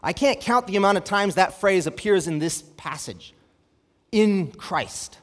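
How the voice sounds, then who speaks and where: A young man preaching a sermon, reading scripture and telling a personal story, with lively rhetorical questions. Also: sits high, unhurried. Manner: animated, asks rhetorical questions, reads scripture aloud. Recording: long hall reverb.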